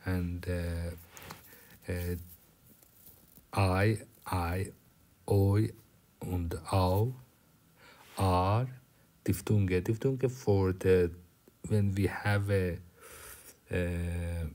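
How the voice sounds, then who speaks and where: A man's voice: deep voice, steady tone, extremely slow, pauses often, darkish tone. A man whose first language is Persian, teaching German vocabulary in English, with many fillers and restarts. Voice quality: drops to a whisper at times. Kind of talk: recorded German lecture.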